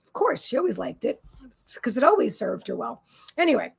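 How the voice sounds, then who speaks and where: A woman with a high voice, gravelly and a little husky, chatting from her desk at home. She hosts a psychic live stream and rambles casually between stories, often turning to talk to her pets. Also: big pitch swings, a little fast.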